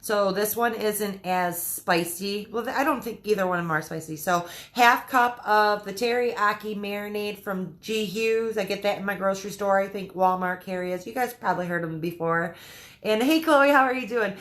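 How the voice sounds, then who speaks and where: A woman's voice: medium pitch, normal speed, fairly bright tone, roomy sound. A woman from Michigan hosting a casual live cooking stream from her home kitchen, chatting and greeting viewers by name as she cooks. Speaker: livestream cooking host.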